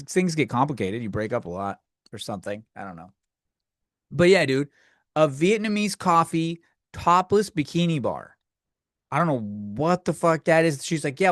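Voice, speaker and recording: A man's voice: on the high side, fairly bright tone, no room sound, clean studio sound. A man hosting a solo comedy podcast, ranting crudely and rambling, acting out the people in his stories. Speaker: podcast host.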